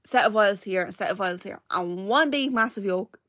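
A woman's voice: mid-range voice, a little fast, a bit bright, dry recording. A young woman with an Irish accent chats through a story on her podcast, circling back and correcting herself as she goes. Her mid-range voice sits close and dry, with no room sound at all. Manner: rambling, full of "like" and self-corrections. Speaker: podcast host. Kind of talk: casual chatty storytelling.

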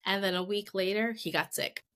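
A woman's voice: medium pitch, moderate pace. A woman co-hosting a parenting podcast, telling a family story in casual chat, rambling and full of "like", acting out what people said. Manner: animated, rambling, heavy use of "like", acts out quoted speech. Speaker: podcast co-host, mother.

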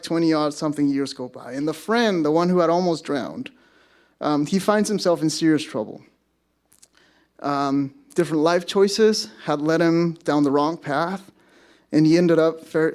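A man's voice: a little high, a little mellow. A man in his thirties from Mexico, a pastor giving a sermon as casual storytelling with self-deprecating humor.

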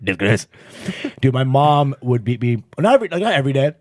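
A man's voice: mid-range voice, lively intonation, fast, a little mellow, no room sound, studio quality. A man guest on a podcast, trading crude jokes in casual banter and laughing often. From Bengali family. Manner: crude joking, mock voices, laughs often.

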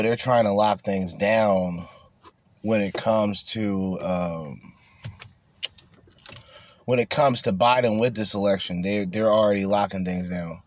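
A man's voice: on the low side, dry recording. A man hosting a casual podcast, ranting bluntly and crudely with lots of swearing. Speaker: podcast host.

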